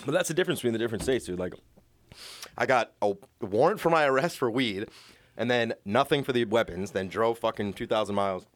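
A man's voice: mid-range voice, a little fast, no echo. A young man telling a story in casual chat, swearing and acting out quotes.

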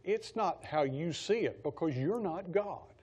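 A man's voice: fairly high pitch, animated, a little slow, darkish tone, husky. A man teaching a Bible study class in a conversational way, repeating key phrases for emphasis.

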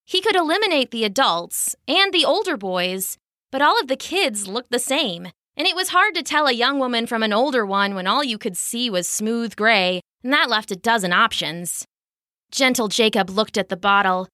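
A woman reads a children's story aloud with animated, expressive delivery. Her voice sits a little high and rises and falls a lot, with a bright, clear tone. The recording is close and dry. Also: normal speed, dry recording. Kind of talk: scripted narration of a children's story.

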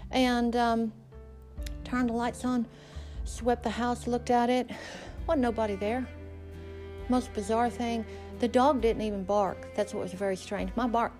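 A woman's voice: a little high, darkish tone. A woman hosting a faith podcast, telling a story and preaching in an emphatic, conversational way. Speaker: podcast host.

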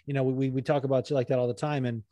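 This is a man co-hosting a sports chat show, talking fast and loose with plenty of swearing and filler words. His voice sits at an ordinary pitch. The sound is close and dry, with no room around it. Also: no room sound. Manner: animated, swears freely, many fillers. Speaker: podcast co-host.

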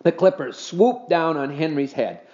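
A man's voice: a little high, animated, normal speed, darkish tone. A man reading a children's storybook aloud expressively, in a dull lo-fi recording.

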